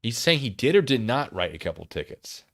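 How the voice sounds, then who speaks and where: A man's voice: mid-range voice, big pitch swings, fairly quick, slight background noise. A man casually commenting on a video during a live stream, cracking jokes and laughing. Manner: joking asides and laughs.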